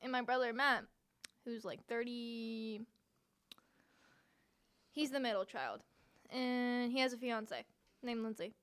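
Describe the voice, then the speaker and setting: A young woman hosting a casual group chat, chatty and quick to giggle. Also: a little high, a bit bright. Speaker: host.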